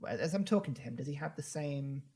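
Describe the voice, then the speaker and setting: A man's voice: fairly high pitch, animated, a little fast, darkish tone, breathy edge. A man playing a tabletop game, talking in a hesitant, hedging way. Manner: hesitant, hedging, with many "sort of"s. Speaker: player. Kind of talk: casual tabletop game play.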